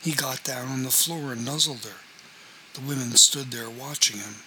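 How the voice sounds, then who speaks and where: A man reads a novel aloud in scripted audiobook narration. His voice sits at a middling pitch with a very bright, keen edge. He tells the story in a measured, even way. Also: slight background noise, rough recording.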